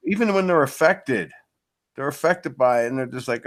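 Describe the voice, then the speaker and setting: A man speaking as a guest in a casual online chat, relaxed and agreeable, chuckling now and then. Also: mid-range voice, a little fast.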